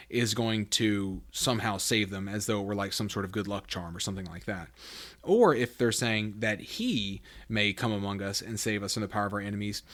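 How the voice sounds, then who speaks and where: Low-voiced man teaching the Bible casually. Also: a bit bright. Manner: conversational, thinking aloud with fillers and restarts. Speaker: Bible teacher and podcast host.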